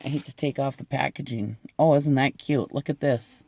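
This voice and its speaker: A man's voice: mid-range voice, steady tone, moderate pace, vocal fry, darkish tone, no echo. A middle-aged man chatting casually in an unboxing video, gushing and laughing often as he talks. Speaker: unboxing vlogger.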